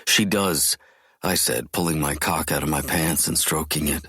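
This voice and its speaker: Male audiobook narrator, very deep and husky, low intense first-person read. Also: little pitch movement, normal speed, fairly bright tone, no room sound, studio quality.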